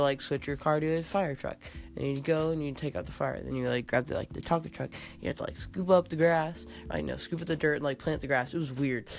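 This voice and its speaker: Casual male host, slightly high voice, rambling giggly storyteller. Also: a bit bright. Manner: rambling, giggly, lots of fillers.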